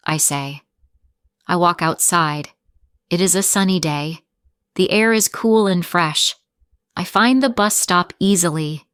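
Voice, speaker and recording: A woman English teacher narrating a story slowly and clearly, with careful articulation for learners. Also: lowish voice, fairly bright tone, no echo, studio quality. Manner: slow, deliberate, carefully articulated.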